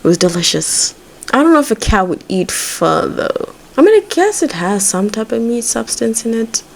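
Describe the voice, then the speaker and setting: A woman's voice: a little high, lively intonation, normal speed, creaky. A woman giving casual, rambling let's-play commentary as she plays, swearing freely and talking to her game characters. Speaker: gaming video creator.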